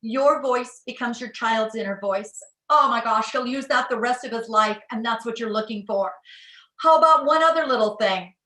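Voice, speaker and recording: A middle-aged woman giving a lively talk on parenting, acting out the parent and child lines she quotes. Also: a little high, moderate pace, echoey room, rough recording. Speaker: parenting speaker.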